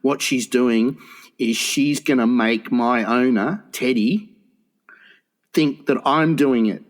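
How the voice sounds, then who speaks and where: A man's voice: mid-range voice, takes it slowly, pitched below the performer's own voice, natural voice. A man voicing a pet dog who suddenly works out a scheme, in a swearing inner monologue. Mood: shocked realization. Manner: profane, conspiratorial inner monologue. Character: dog inwardly grasping a scheme.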